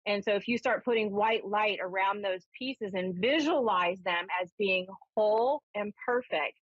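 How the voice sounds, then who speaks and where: A woman who is a spiritualist minister and medium, telling her story in a chatty, animated way and then giving a caller a reading on a live show. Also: mid-range voice, moderate pace, no echo. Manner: chatty storyteller, animated when quoting herself. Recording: dull lo-fi broadcast audio.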